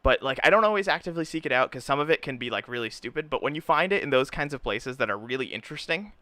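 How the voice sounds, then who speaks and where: This co-host is a man who spins animated stories in a casual chat, sprinkling in plenty of "right?" and "dude." He talks rapid-fire in a medium pitch, with no echo on the recording.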